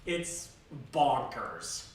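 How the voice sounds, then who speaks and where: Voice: mid-range voice, very animated, very slow. Rambling streamer in a very echoey room. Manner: rambling, with frequent restarts and laughs. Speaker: game streamer. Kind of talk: casual chat while gaming. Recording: very echoey, distant, background noise.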